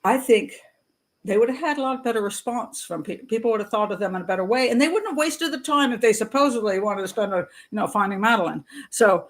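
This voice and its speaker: A woman's voice: a little high, fast talker. A middle-aged woman hosting a live stream, talking bluntly in a conversational way, reading out chat comments and laughing often. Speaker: host.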